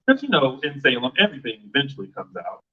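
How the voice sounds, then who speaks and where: A man's voice: mid-range voice, huge pitch swings, fast. A man chatting on a live panel, laughing often as he talks. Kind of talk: casual live panel chat. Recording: muffled live-stream audio.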